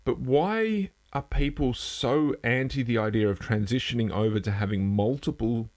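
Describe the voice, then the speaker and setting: A man's voice: medium pitch, normal speed, darkish tone. A man hosting a casual live news stream from a home setup, rambling and self-deprecating, trailing off and restarting as he goes. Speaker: host.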